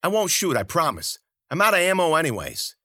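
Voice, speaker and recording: A man voicing a badly wounded, profane soldier who taunts and yells. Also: fairly high pitch, wildly swooping pitch, fairly quick, no room sound, clean studio sound, pitched above the performer's own voice, full character voice. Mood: shouting. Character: dying brutal male soldier, mocking and spiteful.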